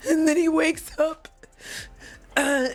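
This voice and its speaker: A giggly woman in a casual home video, talking through a movie plot in a slightly high voice. She keeps slipping into laughter between sentences and apologizes sheepishly along the way. Her delivery is loose, chatty and self-mocking. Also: level tone, takes it slowly, faint music behind. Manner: self-deprecating, apologetic asides. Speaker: vlogger recapping a movie.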